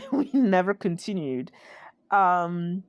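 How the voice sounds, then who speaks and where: A woman from Ghana hosts her own podcast in a slow, heartfelt, reflective way. Her voice sits a little low, and she takes her time between thoughts. The sound is dry and close, with no room echo. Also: lively intonation. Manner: slow, heartfelt, with sighs and laughs. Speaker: podcast host. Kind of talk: reflective solo podcast talk.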